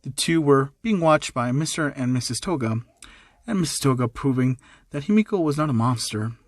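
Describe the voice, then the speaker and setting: A man narrates an amateur fan story in a plain, repetitive way, at a middling pitch. His voice sounds dry and close, with no room echo. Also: expressive, moderate pace.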